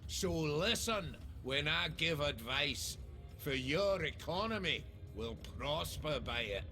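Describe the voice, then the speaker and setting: An actor playing a proud, jovial, boastful dwarf lord in a video game, speaking with a Scottish accent in a gravelly voice. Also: male voice, on the high side, animated, slow, pushed and bright, faint music behind, heavily acted. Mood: hearty.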